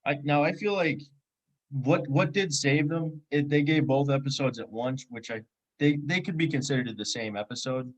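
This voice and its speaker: Male co-host, average pitch, relaxed halting casual chat. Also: rough recording.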